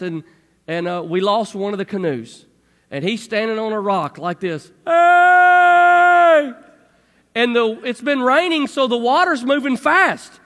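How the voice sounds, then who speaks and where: High-voiced man telling a story animatedly. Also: long reverb tail. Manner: lively, acts out shouts and sound effects. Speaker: speaker telling a personal story.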